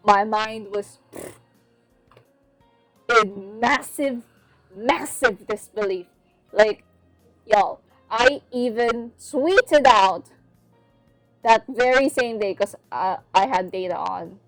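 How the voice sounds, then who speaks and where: With no room sound around her, a podcast host with a slightly high voice and a Filipino accent shares a frank personal story. The young woman mixes Tagalog and English, cursing and laughing animatedly along the way.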